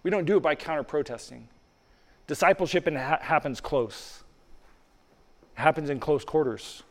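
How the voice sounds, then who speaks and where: A man's voice: fairly high pitch, normal speed. A man preaching a sermon, telling a story in a conversational way and acting out the dialogue, then leading a prayer. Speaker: pastor. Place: church hall. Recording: reverberant hall.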